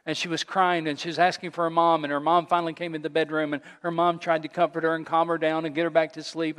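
A man's voice: on the high side, little pitch movement, fast talker, hardly any pauses, smooth. Man preaching in a reverberant hall. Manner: earnest preaching, rising to loud call-and-response. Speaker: pastor. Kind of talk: sermon. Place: church sanctuary.

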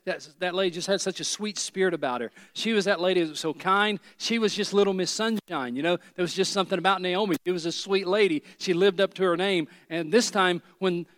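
Emphatic preacher, fairly high voice. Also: male voice, fairly quick, few pauses, fairly bright tone, no room sound, studio quality. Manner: emphatic, building through repeated phrases. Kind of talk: sermon.

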